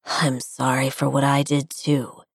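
Woman reader doing a soft-spoken, gentle young man; low, dry, murmuring. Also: unhurried, husky, no room sound, full character voice. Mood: tender.

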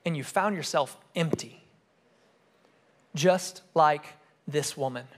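A young adult man, a student pastor, preaching a sermon with emphatic, repeated phrases that rise and fall in loudness. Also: a little high, slow.

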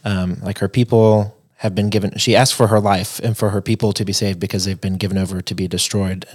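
Guest guy on a podcast, lowish voice, short answers, dry sound. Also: fairly even intonation, fairly quick, a little mellow, no echo. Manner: brief replies, chimes in with quoted lines. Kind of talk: casual chat.

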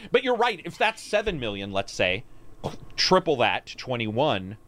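A man hosting a gaming podcast, chatting casually, reading viewer comments and swearing often. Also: normal speed. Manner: swearing, animated, jumps pitch for mock quotes. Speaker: podcast host reading chat. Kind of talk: casual chat.

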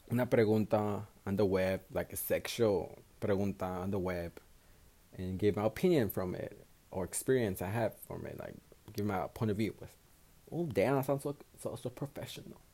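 A young man hosts his own podcast and tells stories in a loose, profane way. He, slips phrases in and out, and laughs at his own jokes. His voice sits at an ordinary male pitch. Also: a little mellow. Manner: profane, chatty, switches into Spanish phrases. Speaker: podcast host. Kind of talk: casual solo storytelling.

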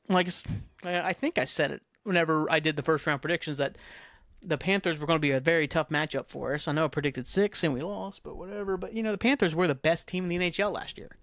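A man's voice: a little high, a bit bright, dry recording, studio quality. A middle-aged man hosting a solo podcast, chatting in a scattered, self-mocking, profane way. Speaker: podcast host. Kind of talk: rambling solo podcast chat.

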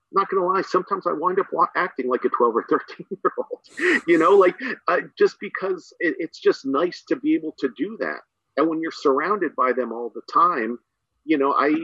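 A man's voice: mid-range voice, a bit bright, breathy edge, no echo. A man guest, a middle school teacher and coach, rambling enthusiastically in a casual podcast conversation with many fillers. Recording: dull dry sound.

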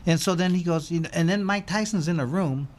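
A man's voice: high-pitched, brisk. A former boxer telling a long rambling story as an interview guest, acting out the voices of the people he quotes.

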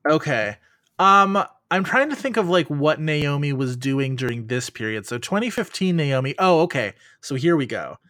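A man guesting on a podcast, chatting casually and riffing in long, animated run-on thoughts full of "like"s. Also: fairly high pitch, moderate pace, no room sound, clean studio sound.

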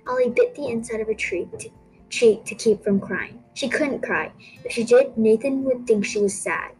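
A woman narrating a children's story with a steady, expressive reading. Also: fairly high pitch, moderate pace, soft background music, poor audio.

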